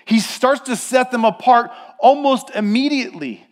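A pastor preaching a sermon to his congregation, emphatic, slowing down to stress repeated words and speaking straight to his listeners. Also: extremely high pitch, animated. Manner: addresses the congregation directly.

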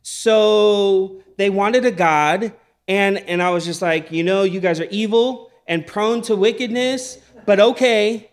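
A man's voice: high voice, steady tone, slow. A man voicing a nervous man making lame excuses, hesitant and stammering with lots of ums. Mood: sheepish.

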